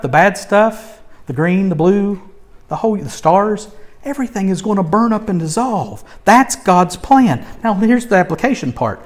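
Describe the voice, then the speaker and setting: A male preacher with a high voice that leaps up and down as he urges his listeners on. He swings between loud, emphatic calls and quiet, confiding asides. The delivery is lively and full of emphasis. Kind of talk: sermon.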